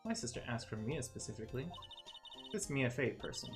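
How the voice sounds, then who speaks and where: A player reading the part of an enthusiastic young girl devoted to science, talking earnestly and in a lively sing-song way. Soft game music sits under the voice. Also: medium pitch, fairly quick. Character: eager young girl who loves science. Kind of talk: reading game dialogue aloud.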